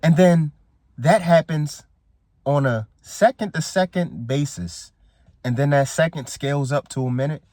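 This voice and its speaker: A man's voice: fairly high pitch, measured pace, a little mellow, no room sound, clean studio sound. A man giving a casual motivational talk as a coach, emphatic and preachy, who repeats his phrases for effect. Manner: casual, slangy speech. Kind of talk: motivational speech to camera.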